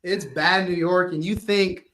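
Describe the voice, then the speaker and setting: High-voiced man in animated football banter. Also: a little slow. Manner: animated, uses slang, acts out quotes. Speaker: sports show co-host. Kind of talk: casual sports talk.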